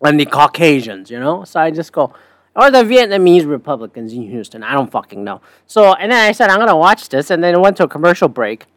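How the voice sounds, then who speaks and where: A man's voice: a little high, very animated, fairly quick, fairly bright tone, no echo. A man hosting a podcast, rambling through a sarcastic, profanity-laced casual monologue. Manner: rambling, sarcastic, swears a lot. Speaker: podcast host.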